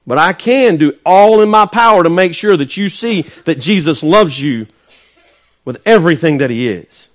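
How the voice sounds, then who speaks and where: A male pastor preaching a sermon, swinging from loud emphatic peaks to quiet, intimate asides and asking his congregation questions. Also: a little high, animated, normal speed.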